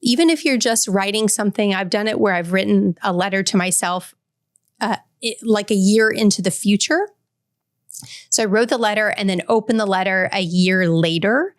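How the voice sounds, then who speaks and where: A woman's voice: medium pitch, normal speed, dry recording, clean studio sound. A woman in her forties hosting a podcast, reading a heartfelt letter aloud and then reflecting earnestly to the listener. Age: 40s. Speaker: podcast host.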